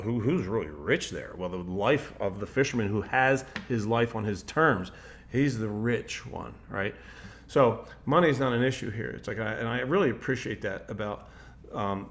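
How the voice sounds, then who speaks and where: A man speaking in a casual, rambling monologue as a motivational speaker, often restarting sentences and switching into quoted voices. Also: lowish voice. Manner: rambling, with frequent restarts and "like" fillers.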